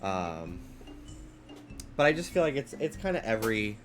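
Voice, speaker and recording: Soft music plays in the background as a young man chats with his live stream audience. He has a lowish voice, a moderate pace, and a faint New York accent, and he rambles in an animated way with frequent fillers.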